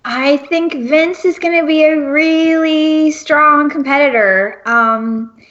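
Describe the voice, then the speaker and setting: A woman's voice: high voice, slow, a bit bright, dull audio. A woman co-hosting a casual show, giggly and tentative. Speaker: podcast co-host. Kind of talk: casual chat.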